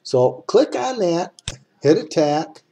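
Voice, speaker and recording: A man's voice: on the high side, big pitch swings, slow, gravelly, warm tone, slightly rough. A man with a folksy, rambling way of talking, who speaks straight to the viewer as he walks through a computer game. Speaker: game tutorial maker. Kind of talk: casual screen-recorded game tutorial.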